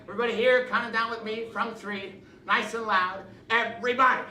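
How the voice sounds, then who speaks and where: A man's voice: sits high, steady tone, fairly quick. A man performing a live stage comedy routine, joking at his own expense and coaxing the audience to cheer along. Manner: joking, self-mocking, coaxing the crowd to cheer. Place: live venue before an audience. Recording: roomy distant mic with loud crowd and noise.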